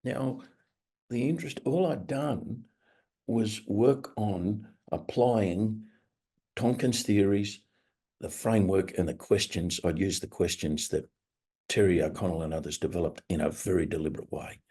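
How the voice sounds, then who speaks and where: A man with an Australian accent presenting a webinar, telling anecdotes and acting out quoted people in a higher voice. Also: measured pace, mellow, husky. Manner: anecdotal, acts out quoted voices in a raised pitch. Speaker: webinar presenter on restorative practice. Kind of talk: storytelling presentation.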